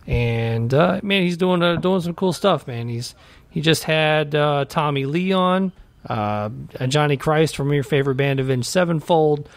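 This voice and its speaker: A man's voice: a little high, unhurried, dry recording. Laid-back male podcast host, dry sound. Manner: laid-back, says man a lot. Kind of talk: casual chat.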